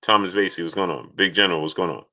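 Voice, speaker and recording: Deep-voiced man hosting a chatty live stream. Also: racing. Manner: reads out viewer names and greets each one; grows loud and insistent when arguing. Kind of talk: casual live stream chat.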